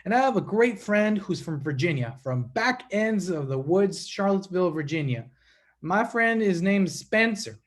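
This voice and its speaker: A man giving a speech to a congregation as a guest speaker, telling stories in an animated way and calling the audience his friends. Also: sits high, normal speed.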